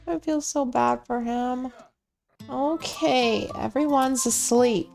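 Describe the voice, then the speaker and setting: Excitable woman narrating a life-sim game. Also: sits high, takes it slowly, creaky, soft background music. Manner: excitable, gasps and coos at the game. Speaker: Sims gameplay host. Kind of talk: casual gameplay commentary.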